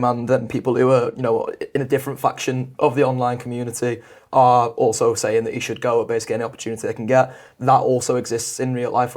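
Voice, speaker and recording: A man on a football podcast panel, reasoning through his view earnestly in casual chat. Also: medium pitch. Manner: fast, flat, earnest reasoning.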